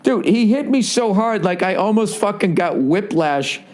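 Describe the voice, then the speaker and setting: A man's voice: high-pitched, expressive, normal speed, a little mellow. A man telling stories in a casual podcast monologue, rambling and swearing constantly, often checking in with "right?" as he goes. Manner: rambling, profane storytelling with frequent swearing and "right?" asides. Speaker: comedian hosting his podcast.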